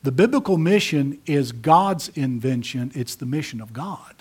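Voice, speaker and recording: A man preaching a sermon, emphatic, rising to loud peaks and dropping to soft asides. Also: medium pitch, expressive, moderate pace, slightly rough. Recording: audio of a church sermon.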